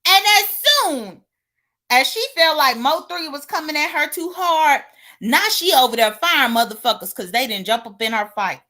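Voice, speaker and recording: A woman doing sassy, animated gossip commentary, greeting viewers by name and laughing between points. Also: sits high, moderate pace. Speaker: livestream commentator.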